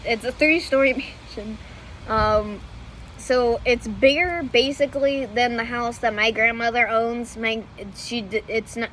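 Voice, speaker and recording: A woman's voice: a little high, a bit bright, a little hiss or hum, low-quality recording. A woman vlogger telling history in a casual, hesitant way, with many fillers and self-corrections, often laughing at herself. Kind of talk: casual unscripted storytelling.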